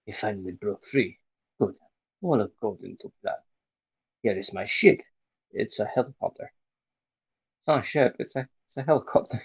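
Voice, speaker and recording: A man with a gravelly, husky voice reads a comic aloud to his co-hosts, popping into goofy character voices and cursing casually. The recording is dry and dull, a bit lo-fi. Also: on the low side, animated, normal speed, pauses often, no room sound. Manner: jumps in and out of goofy character voices, swears offhand. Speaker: podcast co-host reading a comic aloud.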